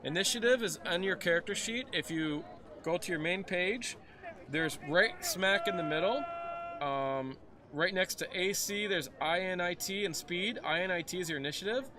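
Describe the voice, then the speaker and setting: A man's voice: sits high, moderate pace, a crowd in the background. A man acting as game master, explaining the rules in a loose, rambling way with lots of fillers. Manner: rambling, relaxed, many fillers. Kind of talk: casual tabletop game narration.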